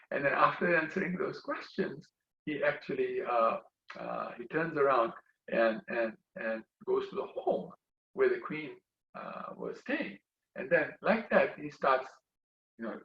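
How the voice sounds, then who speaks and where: A man giving a religious talk, telling a story in an animated, chatty way with many fillers. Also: fairly high pitch. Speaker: devotional speaker. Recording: roomy, dull recording.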